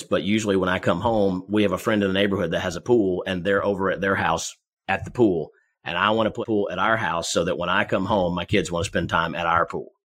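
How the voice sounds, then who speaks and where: Husky guy talking fast, a bit low-voiced, chatty sales coach who repeats himself. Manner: energetic, repeats words, speaks in quick bursts. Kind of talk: conversational advice, storytelling.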